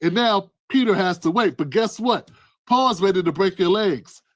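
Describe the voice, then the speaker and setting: A man hosting a news commentary show, talking in a heated, preachy way and rising to shouts. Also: sits high, expressive, normal speed, no echo, clean studio sound.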